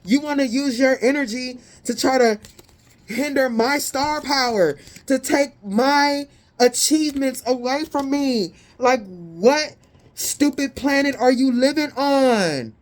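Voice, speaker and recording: Brief: woman tarot reader, sassy and foul-mouthed, bright higher voice, animated. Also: takes it slowly. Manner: blunt, profane and sassy; animated, rising to indignant peaks. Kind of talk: casual tarot reading.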